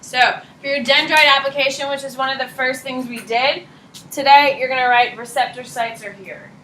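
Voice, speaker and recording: A woman teacher giving a chatty, animated classroom lecture, often checking in with her students. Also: sits high, normal speed, slight background noise. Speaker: high school teacher. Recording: roomy classroom echo.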